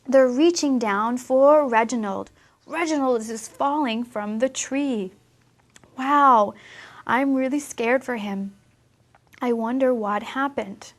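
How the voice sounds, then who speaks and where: A woman teaching English who talks young learners through a picture book, asking them gentle questions. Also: a little high. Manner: slow, warm, questioning teacher talk.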